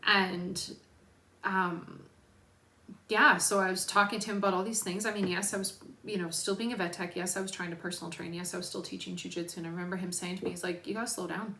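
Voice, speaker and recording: Young adult woman, bright and crisp, candid vlog chat with casual swearing, echoey room. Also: on the low side, level tone, a little fast, a little hiss or hum. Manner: frank, swears freely, many fillers. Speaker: personal trainer and vlogger.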